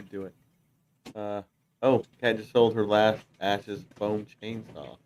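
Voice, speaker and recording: Low-voiced man hosting a podcast. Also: fairly even intonation, slow pace, darkish tone. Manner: teasing, reads out chat comments. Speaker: podcast host. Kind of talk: casual chat.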